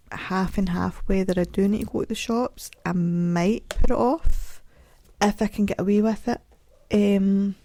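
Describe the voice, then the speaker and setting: A woman's voice: lowish voice, warm tone, no echo. Scottish woman, middle-aged, podcast host, rambling, self-mocking, dry close sound. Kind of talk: casual solo podcast chat.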